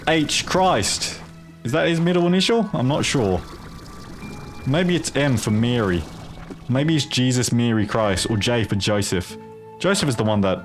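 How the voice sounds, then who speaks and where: A man hosting a gameplay video in a put-on Australian accent, rambling with profane, jokey asides. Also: mid-range voice. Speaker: gaming video host. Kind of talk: casual gameplay commentary.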